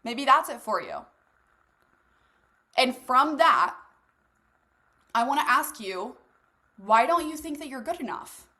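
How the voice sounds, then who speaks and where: A woman's voice: high-pitched, very animated, slow, pauses often, sharp tone. A young woman hosting a live coaching masterclass who talks casually and bluntly, swearing freely and speaking straight to her listeners. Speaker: host leading a live masterclass. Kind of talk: motivational coaching talk.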